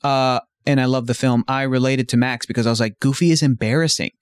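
A man's voice: mid-range voice, little pitch movement, fast talker, smooth, dry recording. Enthusiastic young man chatting, dry close mic. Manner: enthusiastic, rambling, joking. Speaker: podcast co-host. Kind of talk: casual chat.

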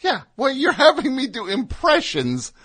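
A man hosting a comedy radio show, bantering in a dry, deadpan way and correcting his guest. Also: extremely high pitch, a little slow. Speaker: radio host.

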